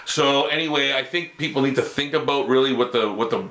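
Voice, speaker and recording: Rambling Canadian man with a bright voice. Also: medium pitch, a little fast, reverberant. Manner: rambling, frequent stammered restarts. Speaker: vlogger. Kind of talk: opinion rant to camera.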